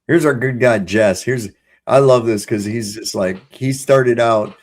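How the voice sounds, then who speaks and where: A man's voice: mid-range voice, unhurried. A middle-aged man hosting a live stream, chatting casually and telling loose stories full of swearing. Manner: loose, profane storytelling. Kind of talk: casual chat.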